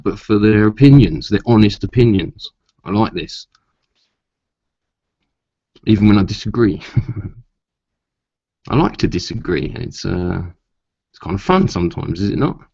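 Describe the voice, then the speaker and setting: A male vlogger with a low, slightly mellow voice chats casually to camera, rambling through many asides and swearing when riled. The recording is dry, with a dull lo-fi sound.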